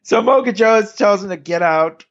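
A man co-hosting a podcast, chatting casually about an episode, laughing often and slipping into quick quotes of the characters. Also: sits high, dull audio. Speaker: podcast co-host. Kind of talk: casual episode recap chat.

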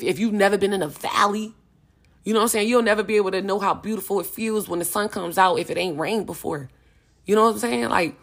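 Brief: young woman, podcast host, slightly low voice, casual emphatic monologue full of slang. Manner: emphatic, slangy, repeats "you know what I'm saying".

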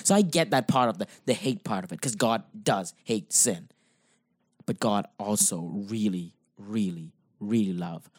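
A man's voice: lowish voice, measured pace, no room sound, studio quality. A man who preaches, talking through his faith in a casual discussion, earnest and impassioned, pressing his points with emphasis.

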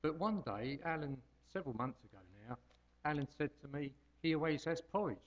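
Rambling man, lively homely sermon. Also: a little high, a little fast, dull audio. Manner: homely, rambling, hesitant with many ums. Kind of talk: informal devotional talk.

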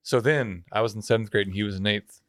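A man's voice: fairly low pitch, quick pace, no room sound, clean studio sound. Profane rambling young man on a podcast. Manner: profane, rambling with many fillers. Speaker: podcast co-host. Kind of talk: casual podcast banter, storytelling.

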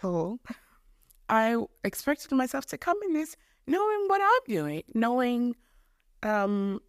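A young Mozambican podcast host speaks slowly in a sing-song, slightly high voice, ranting casually from her bedroom on her solo show. She rambles, pokes fun at herself and swears casually, in a dry, studio-quality recording.

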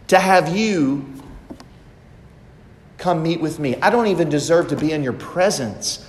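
A man's voice: fairly high pitch, expressive, a little slow, pauses often. A man preaching a sermon as pastor, emphatic and repeating phrases for stress. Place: church sanctuary. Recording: echoey church hall.

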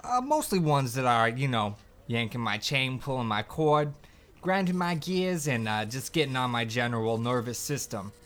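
A man giving gruff, crude, deadpan answers as an emergency call dispatcher in a comedy interview. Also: mid-range voice, moderate pace.

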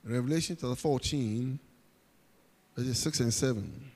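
A man's voice: medium pitch, measured pace, mellow, husky. A man preaching a sermon with a Ghanaian accent, emphatic, repeating phrases and calling out to the congregation. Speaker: pastor. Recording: long hall reverb.

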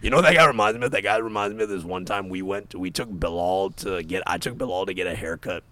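A man's voice: low voice, fast talker, fairly bright tone, no echo. A young man telling a funny story to friends in casual chat, acting out the people he quotes and laughing along.

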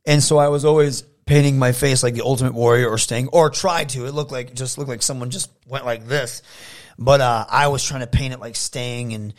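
A man with a medium-pitched voice speaks fairly quickly. He's a professional wrestler from Saginaw, Michigan, appearing as a guest in a casual interview and telling stories with animated enthusiasm.

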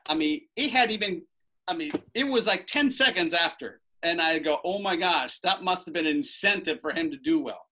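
A man casually telling a long anecdote, acting out the quoted lines with a lifted, animated voice. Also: on the high side. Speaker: storyteller recounting a bet. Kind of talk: casual anecdote told to an audience.

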